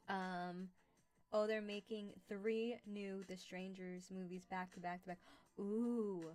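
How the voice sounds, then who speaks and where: A young woman chats on a live stream from home, speaking into a computer mic. She rambles loosely, trailing off and restarting with plenty of fillers. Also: mid-range voice. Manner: chatty, rambling, with many fillers. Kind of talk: casual live-stream chat.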